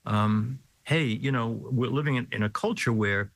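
A man's voice: mid-range voice, moderate pace, no room sound, poor audio. A middle-aged man hosting an interview, an easygoing interviewer who asks friendly questions. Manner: warm, easygoing interviewer who laughs readily. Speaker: host.

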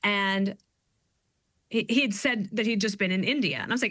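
Bright-voiced woman telling stories. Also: medium pitch, no echo. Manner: animated storyteller, quick asides. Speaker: guest author. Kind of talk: conversational interview.

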